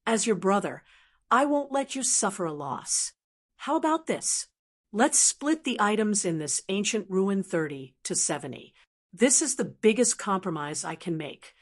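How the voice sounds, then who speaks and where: A woman's voice: medium pitch, expressive, unhurried. A woman voicing a scheming young male cultivator who coaxes and bargains. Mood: coaxing.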